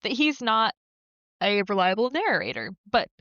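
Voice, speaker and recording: A woman's voice: medium pitch, sing-song, normal speed, a bit bright, no room sound. Easygoing woman co-host on a dull mic. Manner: easygoing, laughing agreement. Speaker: podcast co-host. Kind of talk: casual recap chat.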